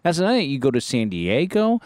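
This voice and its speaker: A man's voice: medium pitch, huge pitch swings, fast, darkish tone, no echo, studio quality. A man hosting a podcast, telling family stories enthusiastically in casual comedic chat.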